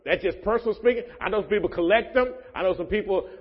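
A man preaching a sermon as pastor of his church, with loud rising emphasis and joking asides to the congregation. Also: sits high, quick pace, husky. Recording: muffled, echoey church hall.

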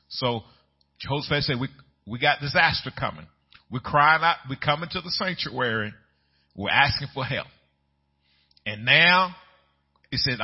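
Husky-voiced man preaching a lively sermon. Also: mid-range voice, moderate pace, long pauses, dull audio. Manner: conversational preaching, rising to loud excited peaks. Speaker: pastor.

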